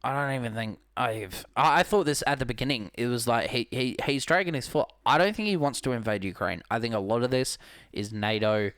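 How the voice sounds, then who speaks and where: A man's voice: mid-range voice, brisk, a bit bright, no echo, clean studio sound. A man from Australia, co-hosting a casual podcast, opinionated and teasing. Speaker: podcast co-host. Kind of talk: casual chat.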